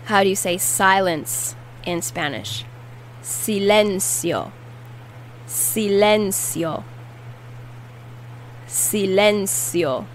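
Female language teacher, slow deliberate delivery, lowish voice, faint hum behind. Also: rough recording. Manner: slow, careful repetition of words. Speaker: Spanish teacher. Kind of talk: language lesson.

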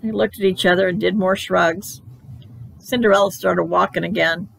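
A woman reading a children's book aloud for a library, expressive and playful. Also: fairly low pitch, normal speed, vocal fry, slight background noise, rough recording. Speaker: library storyteller.

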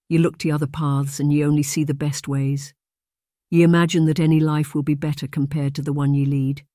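A narrator voicing a weary, stern old Highland chieftain, a man over sixty with a Scottish accent who talks in a scolding way. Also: mellow, dry recording, studio quality, close to an everyday voice.

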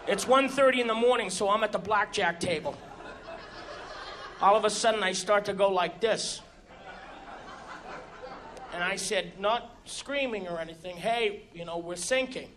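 A male stand-up comedian telling stories on stage with animated exasperation. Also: sits high, moderate pace, pauses often, noisy background. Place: comedy stage before an audience. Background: audience laughter.

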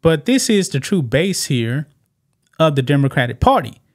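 A man hosting a political commentary channel talks over clips in a slightly high, sing-song voice at a moderate pace. He's emphatic and repetitive, hammering his points and constantly saying "man."

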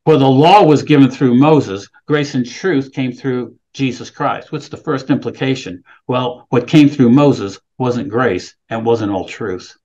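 A man's voice: mid-range voice, a little slow, hardly any pauses, a little mellow, lo-fi sound. A man preaching a sermon, reading scripture aloud with rising emphasis and then explaining it plainly. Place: California, speaking remotely.

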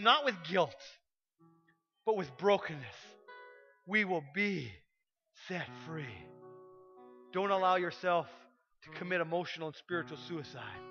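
A man preaching a sermon as pastor, passionate and swinging from loud urgency to hushed pleading. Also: high-pitched, dull audio. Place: church sanctuary.

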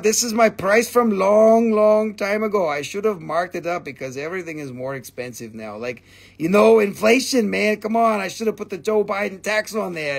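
A man's voice: high-pitched, gravelly. A man hosting a casual live stream selling rocks, joking and rambling with plenty of swearing. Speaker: rock shop seller.

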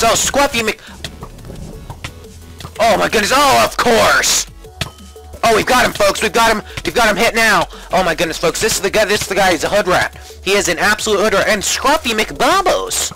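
A young man narrates his own player-versus-player game in a mock-polite, family-friendly showman tone, and panics into yelps and shouts when the fight turns. His bright, tense voice swoops up and down constantly and sits a little high for a man. Faint game music plays underneath. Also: rough recording. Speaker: gaming commentator. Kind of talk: Minecraft PvP let's play commentary.

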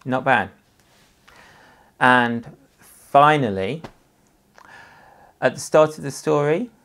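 Slow, gravelly teacher. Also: male voice, fairly low pitch. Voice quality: patient, encouraging instructions to young children. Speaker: primary school teacher. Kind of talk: storytelling lesson with actions.

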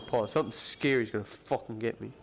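A man commentating his own VR horror gameplay, jumpy and swearing, often shrieking and yelling at the enemies. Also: mid-range voice, fairly quick, gravelly, noisy background. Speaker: gamer playing a VR horror game.

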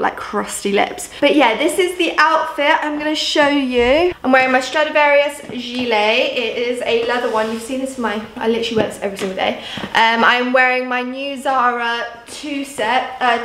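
A woman's voice: a little high, a little fast, hardly any pauses, fairly bright tone, a little hiss or hum. A young woman from Jersey, chatting casually to camera in a home vlog, full of "like" and "um" fillers. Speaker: vlogger. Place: at home indoors. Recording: roomy echo.

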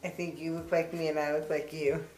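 A woman's voice: low-pitched, little pitch movement, a little fast, heavy background noise. A middle-aged woman, a mother doing makeup on camera, chatting casually in a playful, giggly, slightly unsure way. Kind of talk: casual chat. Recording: roomy home room echo.

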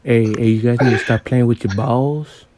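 A young man putting on a crude gruff dad over loud noise. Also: medium pitch, fairly even intonation, moderate pace, close to an everyday voice. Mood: mocking scolding. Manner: mocking, vulgar, bossy. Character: crude gruff middle-aged dad on a game chat. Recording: loud background noise in voice chat.

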